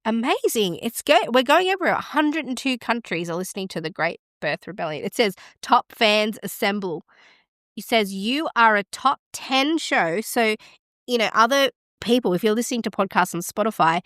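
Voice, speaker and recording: With a medium-pitched voice at normal speed, a woman hosts a casual podcast chat and excitedly gasps and exclaims while reading the results and stats aloud. The sound is clean studio quality with no echo.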